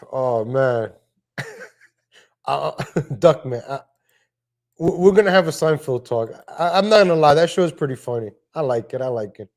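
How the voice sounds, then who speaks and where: A man's voice: mid-range voice, expressive, unhurried, pauses often, darkish tone. A man hosting a live stream, talking casually in a rambling way with many restarts and asides, into a home desk mic. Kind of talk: casual livestream rant. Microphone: home desk microphone.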